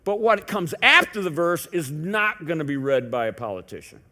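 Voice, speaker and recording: A man's voice: on the high side, sing-song, moderate pace, pushed and bright. A male pastor preaching a sermon in a church in a conversational way, full of rhetorical questions and joking asides. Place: church sanctuary.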